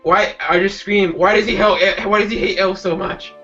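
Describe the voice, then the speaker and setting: A man's voice: high voice, fairly even intonation, moderate pace, pushed and bright, lo-fi sound, soft background music. A man playing a tabletop game, chatting in a rambling, hesitant way. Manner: rambling, hesitant, many fillers. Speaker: player. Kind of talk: casual chat during a tabletop game.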